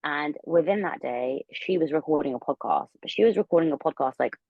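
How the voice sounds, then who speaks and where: A young woman telling a long story as a podcast guest, rambling and animated with plenty of fillers. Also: low voice, fairly quick, vocal fry, dry recording, narrow, tinny audio. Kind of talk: casual storytelling interview.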